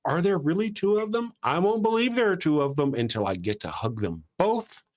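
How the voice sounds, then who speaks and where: A man with a Southern US accent hosts a casual morning chat, voice pitched a little high. He tells stories in a lively, swooping way, laughing at himself often. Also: a little fast. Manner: animated, laughing, self-deprecating storyteller. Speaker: show host.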